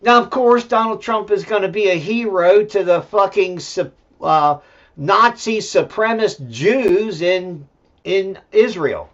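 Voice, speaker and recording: A man's voice: high voice, animated, unhurried. A male host giving a rambling, profane political rant full of fillers and restarts, and talking aside to his dog at home. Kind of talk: solo political commentary rant. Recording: dull lo-fi sound.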